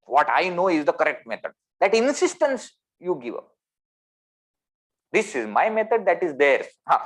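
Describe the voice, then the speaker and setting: A man with an Indian English accent giving a spiritual discourse over a video call, animated and full of rhetorical questions. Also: fairly high pitch, moderate pace. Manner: animated, rhetorical questions, swings between loud and soft. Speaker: spiritual teacher.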